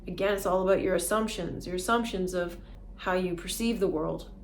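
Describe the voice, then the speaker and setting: A woman's voice: fairly low pitch, fairly quick, slight background noise. A woman vlogger talking casually and earnestly through a self-help idea, often laughing as she explains.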